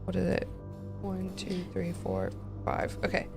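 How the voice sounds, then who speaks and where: A woman's voice: on the low side, very animated, unhurried, creaky, music in the background. A woman talking as a guest player in a tabletop game, chatty and casual.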